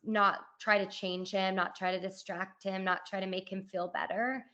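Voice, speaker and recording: A woman's voice: medium pitch, level tone, normal speed, a bit bright, highs cut off. A woman in her thirties hosting a podcast interview, chatting casually with plenty of "like" and "you know". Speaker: podcast host.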